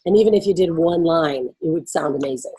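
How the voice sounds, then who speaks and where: A woman's voice: sits low, brisk, dark tone, husky, poor audio. A woman hosting an event briefing, talking casually and bubbly, laughing often and filling her speech with "like" and "you know". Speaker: event host. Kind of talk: casual explanatory talk to attendees.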